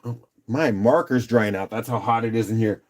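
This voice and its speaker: A man's voice: medium pitch, moderate pace, noisy background. A man hosting a casual live-stream rock auction, upbeat and chatty, calling out bids and laughing often.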